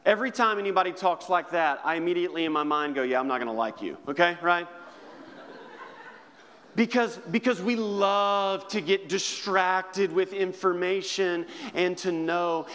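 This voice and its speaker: A man preaching a sermon in a big hall, his fairly high voice carrying a long reverb. He talks slowly and deliberately, rising to loud, emphatic passages and then dropping to hushed ones. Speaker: pastor.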